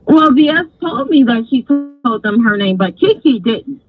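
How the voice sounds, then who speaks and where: A woman host telling a story in a casual, animated, profane way, acting out other people's lines. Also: fairly high pitch, unhurried, over music. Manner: animated, profane, acts out quoted voices. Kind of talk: casual storytelling on a live stream. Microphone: phone. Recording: dry, husky, phone-like sound.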